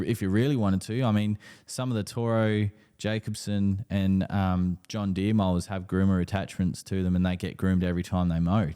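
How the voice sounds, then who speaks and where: A man's voice: deep voice, mellow. A young Australian man co-hosting a live podcast, telling rambling stories and swearing freely. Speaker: podcast co-host. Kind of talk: casual live podcast chat.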